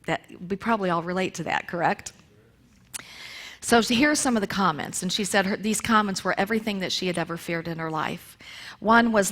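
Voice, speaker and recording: A woman speaking at a church service, retelling a story in a lively sermon and acting out the quotes. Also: medium pitch, fairly quick. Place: church sanctuary.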